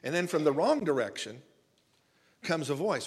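A man's voice: a little high, sing-song, normal speed, husky. A male pastor giving a conversational sermon, folksy and rambling, often repeating words as he builds emphasis. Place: church sanctuary. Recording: reverberant hall sound.

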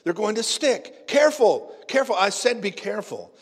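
A frantic, bossy husband yelping orders in a shrill, high, loud voice, as a preacher puts him on. The voice rings with a long hall reverb. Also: male voice, lively intonation, moderate pace. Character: panicky nagging husband hovering in kitchen.

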